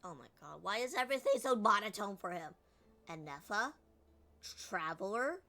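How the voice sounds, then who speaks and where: A woman's voice: medium pitch, expressive, fast, vocal fry, sharp tone. A woman streamer commenting on a game, chatty and acting out lines herself. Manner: chatty, critiques and re-reads lines.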